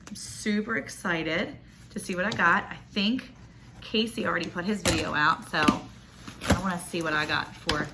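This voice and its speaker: A woman, chatting excitedly and gushing as she unboxes a package for her vlog. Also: fairly low pitch, a little hiss or hum. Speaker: homestead vlogger. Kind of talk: casual unboxing chat.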